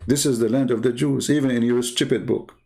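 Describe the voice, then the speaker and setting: A man of middle pitch delivers a heated polemical monologue. His tone is mocking and combative, and it climbs into loud, indignant outbursts as he argues. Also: fairly even intonation, brisk, gravelly. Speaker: religion critic answering viewers.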